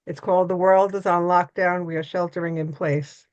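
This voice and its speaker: A woman reading her own poetry on a video call, earnest and quick-spoken. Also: lowish voice, fairly even intonation, a little mellow, smooth. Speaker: poet reading at an open mic. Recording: dull lo-fi video call audio.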